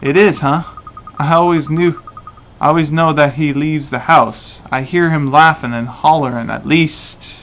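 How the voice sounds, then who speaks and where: A man voicing a shy, gentle young village girl while reading game dialogue aloud, in a soft, hesitant way. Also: on the high side, steady tone, a little slow, muffled recording, slight background noise.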